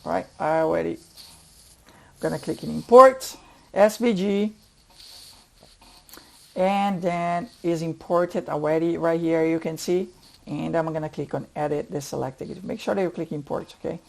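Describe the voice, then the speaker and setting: A software tutorial instructor narrating step by step while working, thinking aloud and repeating words for emphasis. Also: medium pitch, fairly even intonation, a little slow, gravelly, long pauses.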